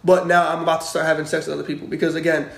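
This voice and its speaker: A man's voice: on the high side, flat delivery, rapid-fire, vocal fry, echoey room. A married man co-hosting a casual podcast, blunt and joking about relationships. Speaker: podcast co-host.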